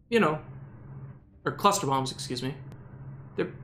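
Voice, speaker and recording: A man's voice: on the high side, animated, measured pace, pauses often, fairly bright tone, slight background noise. A young man with a Southern US accent, commentating his gameplay in a joking, exasperated, rambling way. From Southern United States.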